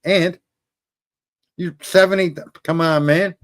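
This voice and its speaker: A man's voice: sits high, steady tone, takes it slowly. A man hosting a show, ranting casually and rambling to viewers, swearing often and laughing at his own jokes. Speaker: show host.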